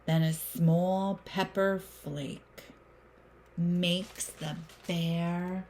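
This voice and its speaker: A woman teacher reading a picture book aloud to young children, expressive with gasps and exclamations. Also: lowish voice, very slow, a little hiss or hum.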